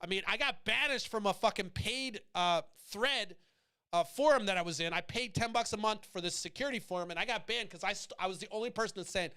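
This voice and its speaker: A man's voice: high-pitched, quick pace, bright, forceful tone, smooth. A man hosting a show, delivering a blunt, profane political rant that wanders off on tangents and sets out to provoke. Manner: blunt, provocative, swearing freely, goes off on tangents. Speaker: podcast host.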